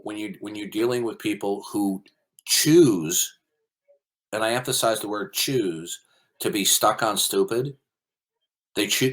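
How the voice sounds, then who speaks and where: A man with a somewhat low voice runs a heated online debate, cutting in and hammering the same question again and again. He lectures with emphatic stress on key words and dismisses the other side sharply. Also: fairly bright tone. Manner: combative, interrupting, repeats questions insistently. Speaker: debate host.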